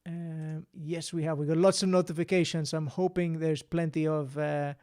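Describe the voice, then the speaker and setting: A man's voice: on the high side, flat delivery, normal speed, a little mellow. A man hosting a casual live-stream quiz, chatting, reading out answers and scores, and laughing often. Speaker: quiz host.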